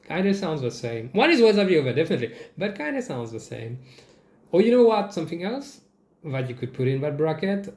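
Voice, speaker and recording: Brief: young male comedy host from Mauritius, animated swearing rant, higher-than-average voice. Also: moderate pace. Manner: animated, jumps into mocking high-pitched quoted voices, swears. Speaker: host of a comedy commentary show. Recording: echoey room.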